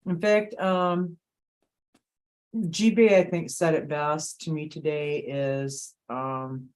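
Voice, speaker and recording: A woman's voice: sits low, steady tone, slow, a little mellow. Candid, laughing middle-aged woman. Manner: candid, laughs often, rambling anecdotes. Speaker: guest panelist. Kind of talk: casual storytelling chat.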